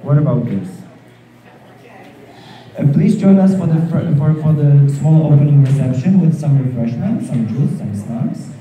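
Hoarse man in an echoey hall. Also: fairly high pitch, expressive, dark tone. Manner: halting, with many fillers and restarts. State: losing his voice. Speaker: art instructor. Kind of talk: opening speech at an art show. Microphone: far room mic. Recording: echoey hall from far off, crowd. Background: chattering crowd.

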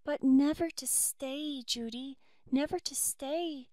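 A woman's voice: high-pitched, slow pace, dark tone, dry recording, pitched above the performer's own voice. A woman voicing a distraught young girl who pleads with emotion.

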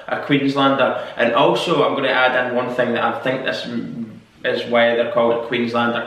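Talking casually to camera, a man from Scotland thinks out loud in his solo vlog, looping back over the same words and swearing offhandedly at times. His medium-pitched voice is a bit bright. He's a little far from the mic, and the room echoes heavily.

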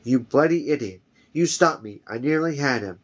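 A man's voice: medium pitch, lively intonation, normal speed, muffled recording, close to an everyday voice. A man reading a furious sorceress. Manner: yelling insults. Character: furious young sorceress, hot-tempered woman.

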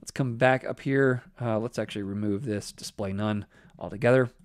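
Low-voiced man narrating a coding tutorial. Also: moderate pace, dry recording, clean studio sound. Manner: relaxed, thinking aloud with fillers while typing code. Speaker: web development instructor. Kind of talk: screen-recorded coding tutorial.

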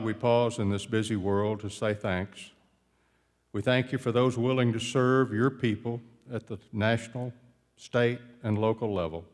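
A man, a college president, leading an earnest invocation prayer. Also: mid-range voice. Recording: long hall reverb.

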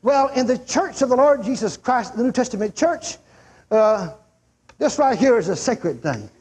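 Older man, revival preacher, very high voice, husky, shouting bursts, large church crowd. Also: lively intonation, moderate pace. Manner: emphatic, shouts out quotes, acts out a healed man's yells. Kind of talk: revival sermon storytelling.

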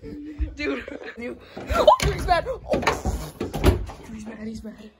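A very high-pitched woman talks through a game in an excited, giggly way, her voice leaping all over the place. Heavy noise runs underneath her voice the whole time. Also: very slow. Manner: giggly, shrieking, whispering. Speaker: gamer. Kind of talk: excited gameplay chat.

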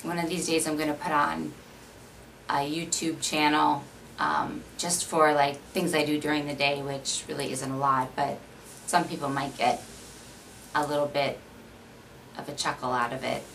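Low-voiced woman vlogger with a Minnesota accent, rambling casual chat, faint background hiss. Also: flat delivery, normal speed, creaky, pauses often, a bit bright, distant mic, rough recording. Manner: chatty, rambling, many fillers. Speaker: beauty vlogger.

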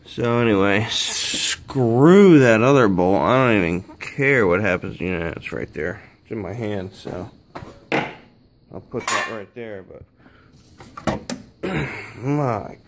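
Man, slow-talking, strained, cursing under his breath, tool clicks audible behind. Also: on the low side, expressive, background noise. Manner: swearing, straining and muttering while he works. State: strained from physical effort. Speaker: DIY car repair vlogger. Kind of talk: casual talk while working.

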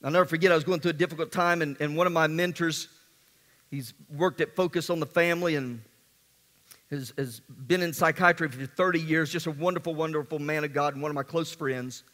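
A man preaching a sermon as pastor, swinging between hushed and emphatic delivery in a church sanctuary. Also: on the high side, fairly even intonation, brisk. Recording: long hall reverb.

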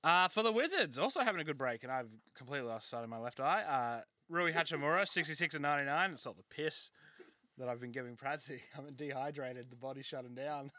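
A man hosting a live trading card break, excitably calling out each card and joking with a co-host. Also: mid-range voice, fast talker, dry recording. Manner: excitable, banters and jokes while calling out pulled cards. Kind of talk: live case break commentary.

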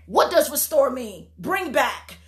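A woman preaching a sermon with fervor, slowing to read scripture and rising into shouts and tearful emphasis. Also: high-pitched, very animated. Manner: slow, deliberate scripture reading.

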